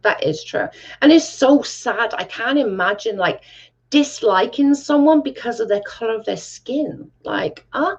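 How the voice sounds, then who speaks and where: A woman's voice: a little high, expressive, unhurried, creaky, slightly rough. Blunt, swearing woman chatting. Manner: blunt, swears freely, lots of "like". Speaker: livestream host reading chat. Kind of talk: casual chat. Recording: dull lo-fi sound.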